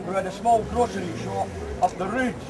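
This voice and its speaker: A man with a Scottish Angus accent, a community councillor giving a halting outdoor speech with fillers and restarts, then reading a letter aloud. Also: high-pitched, fairly even intonation, crowd noise. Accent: Scottish, Angus (Kirriemuir). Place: outdoors in a town street. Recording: distant outdoor recording with traffic noise.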